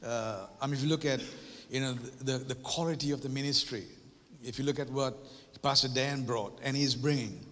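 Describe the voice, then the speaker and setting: A man's voice: mid-range voice, a bit bright. A man giving a conversational church workshop talk, joking with the audience and building to emphatic preacher-like points with frequent tag questions. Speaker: guest workshop speaker at a church. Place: church auditorium. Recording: reverberant church hall.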